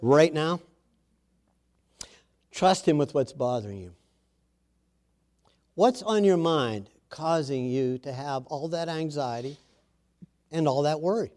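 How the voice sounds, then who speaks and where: A man preaching a sermon, telling a story and then speaking earnestly and quietly to his listeners. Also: on the high side, lively intonation. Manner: slow, earnest, softening into quiet intimate tones.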